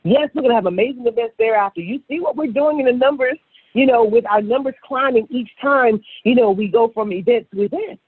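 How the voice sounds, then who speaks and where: A woman speaking as a sales director on a motivational conference call, excitable and gushing, often repeating herself. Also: a little high, fairly quick, breathy edge, no room sound. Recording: tinny phone line.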